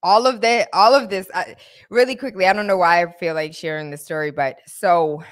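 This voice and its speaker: A woman hosting a show, chatting casually and telling animated stories full of slang. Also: lowish voice, normal speed. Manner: animated storytelling, lots of laughter and slang. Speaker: host. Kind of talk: casual chat.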